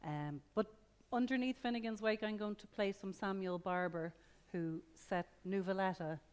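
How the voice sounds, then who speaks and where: A woman's voice: mid-range voice, moderate pace, a little mellow, smooth. Chatty woman musician with wry asides. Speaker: musician at a library event. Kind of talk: casual stage chat. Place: public library event room.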